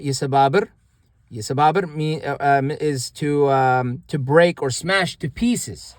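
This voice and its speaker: A man teaching a casual online grammar lesson, talking haltingly with many restarts and repeating words slowly for learners. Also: fairly high pitch, no echo, clean studio sound. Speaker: language teacher.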